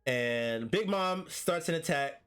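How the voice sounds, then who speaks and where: Man recapping casually, higher voice. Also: takes it slowly, smooth, faint music behind. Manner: relaxed, laughs often. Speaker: podcast co-host recapping a chapter.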